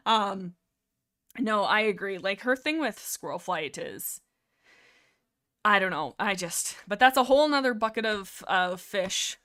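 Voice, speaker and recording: A woman hosting a casual fan discussion livestream, rambling excitedly, laughing often and correcting herself mid-sentence. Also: medium pitch. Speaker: livestream host.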